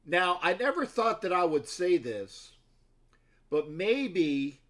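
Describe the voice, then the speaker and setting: A very animated sports talk livestream host speaks slowly in a high-pitched, fairly bright voice. His casual chat with viewers rambles through stories, full of restarts and side comments.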